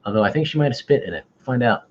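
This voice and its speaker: A man's voice: medium pitch, expressive, racing, muffled recording, slight background noise. A man hosting an online quiz, bantering casually and teasing himself. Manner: joking, self-deprecating banter. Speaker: quiz host.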